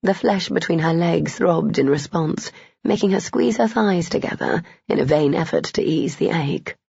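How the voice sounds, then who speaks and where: A woman reading a romance novel aloud as an audiobook narrator, steady and even. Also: fairly low pitch, moderate pace, gravelly, husky, no room sound. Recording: dull, dry, lo-fi.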